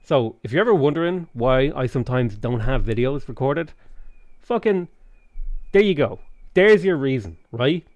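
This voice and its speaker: A man's voice: medium pitch, expressive, normal speed, a little mellow, no room sound, dull audio. Irish male streamer, mid voice, loose rambling chat, dry close mic. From Ireland. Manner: rambling, swears freely, reads chat aloud. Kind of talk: casual chat while playing a strategy game.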